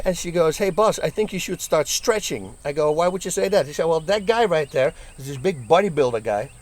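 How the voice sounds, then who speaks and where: Animated man telling bar stories. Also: a little high. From Netherlands. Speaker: former bouncer telling stories. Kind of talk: casual storytelling.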